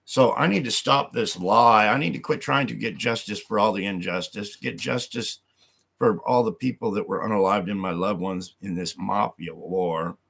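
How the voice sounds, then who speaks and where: Man, live-stream rant, low gravelly voice, profane, reads out comments and argues back. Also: normal speed, fairly bright tone. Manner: angry, profane, reads hostile comments aloud and rebuts them; speaks of God and his own story with heavy conviction.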